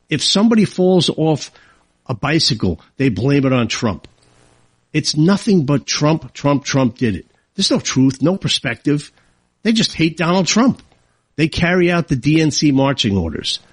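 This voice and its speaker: A man's voice: fairly high pitch, sing-song, normal speed, breathy edge, dry recording. A man hosting a talk show, delivering a combative, sarcastic political monologue. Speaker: radio talk show host.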